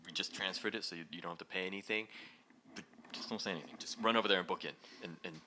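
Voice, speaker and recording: A man giving an inspirational talk to a live audience, telling a story in a lively way and laughing often. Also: low-pitched, very fast, noisy background. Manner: animated, laughing as he acts out the story. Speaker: speaker leading a heart talk. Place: event hall.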